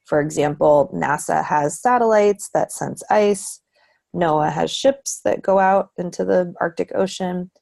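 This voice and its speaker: A woman giving a relaxed online tutorial presentation, with frequent ums. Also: lowish voice, a little slow, creaky. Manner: relaxed, many ums, light laughs. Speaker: presenter for a research committee.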